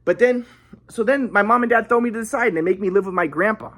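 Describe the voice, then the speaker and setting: A young man telling a personal story in a halting way, often repeating words and restarting. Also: high voice, a bit bright. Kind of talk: casual storytelling monologue.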